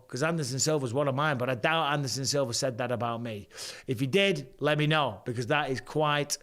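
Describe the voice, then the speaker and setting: A man's voice: mid-range voice, a bit bright. A man with an English accent in his forties, hosting a live reaction stream, talking bluntly and joking with plenty of swearing. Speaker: host.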